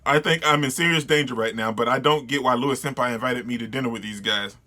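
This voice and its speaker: A man's voice: medium pitch, fast talker, pushed and bright, lightly acted. A man reading the lines of a timid, awkward young male wolf student from a manga in a plain read-aloud voice. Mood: nervous.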